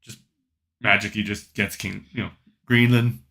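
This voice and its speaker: A man's voice: fairly low pitch, steady tone, normal speed, pushed and bright. A man co-hosting a podcast, chatting casually with wry, teasing remarks. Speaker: podcast co-host. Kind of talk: casual political chat.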